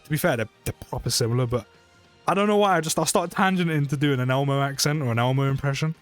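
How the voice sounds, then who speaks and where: A young British man giving chatty, excitable gameplay commentary for his channel, often rambling and correcting himself. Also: mid-range voice, fast talker, soft background music. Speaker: mobile game YouTuber.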